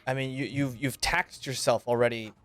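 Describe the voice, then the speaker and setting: A man narrating a tabletop game as game master in a calm, deliberate way. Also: mid-range voice, dry recording. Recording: dry close mic with faint music.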